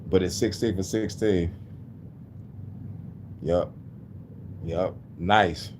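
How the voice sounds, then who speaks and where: Deep-voiced man venting on a livestream. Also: fairly even intonation, extremely slow, darkish tone, slight background noise. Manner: profane, rambling venting. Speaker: livestreaming musician. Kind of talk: casual livestream talk.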